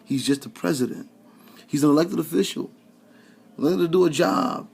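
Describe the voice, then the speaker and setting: A man's voice: on the high side, moderate pace, vocal fry, pauses often, a little mellow, husky. A man giving a heated, sarcastic political rant straight to his listeners, often stumbling over repeated words. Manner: addresses listeners directly, colloquial. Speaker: commentator. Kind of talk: ranting political commentary.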